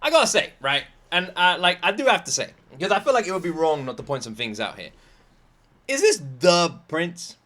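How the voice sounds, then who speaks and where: A man's voice: high voice, big pitch swings, fairly quick, sharp tone. A man from Britain reacting casually to a comedy clip, rambling with lots of fillers. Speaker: reaction video host.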